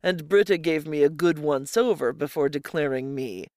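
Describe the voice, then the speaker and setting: A narrator reading a first-person story in a steady, measured way. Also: medium pitch, dry recording, studio quality. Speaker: audiobook narrator.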